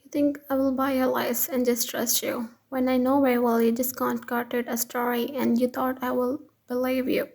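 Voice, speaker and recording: A woman reading the lines of an intense, possessive young boyfriend in a fan fiction story, with a husky, gravelly voice and no real change from her own. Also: sits high, little pitch movement, normal speed, hardly any pauses, a little mellow. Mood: accusing.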